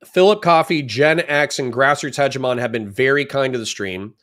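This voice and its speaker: A man's voice: medium pitch, normal speed, a bit bright. A man giving blunt, sarcastic, profane commentary on a livestream while reacting to a video.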